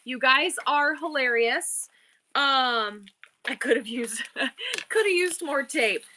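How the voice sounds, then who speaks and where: A middle-aged woman hosting an online auction live stream, chatting casually and bubbly with viewers, tossing in quick asides to the chat. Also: high voice, lively intonation, sharp tone, slight background noise.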